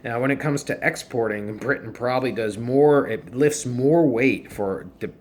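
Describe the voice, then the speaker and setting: A man teaching a university class. His pitch sits in an ordinary middle range. He talks to the students directly in a loose, conversational way and often trips over and repeats his words. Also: normal speed, a little mellow. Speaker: university lecturer. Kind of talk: recorded lecture.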